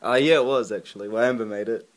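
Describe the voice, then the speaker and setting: A man, joking deadpan as a guest. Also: mid-range voice, fast talker.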